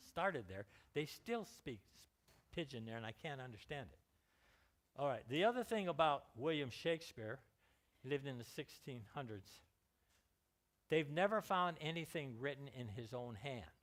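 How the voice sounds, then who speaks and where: A man with a Californian American accent giving an informal lecture on scientific writing, chatty, with joking asides and restarted words. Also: medium pitch. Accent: Californian American English. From California, United States.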